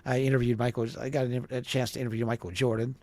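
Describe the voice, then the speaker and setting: A former radio DJ from Wisconsin, a man in his fifties, tells stories as a podcast guest in a chatty way, acting out the voices of the people he quotes. His medium-pitched voice is level, fast and darkish, with no room sound.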